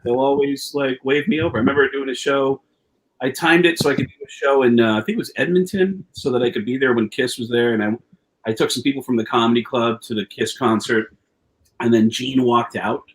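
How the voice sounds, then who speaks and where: Comedian guest in his forties with an average-pitched male voice. Lively podcast storyteller. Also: fairly quick, a little hiss or hum, poor audio. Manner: lively anecdotal storyteller, casual swearing.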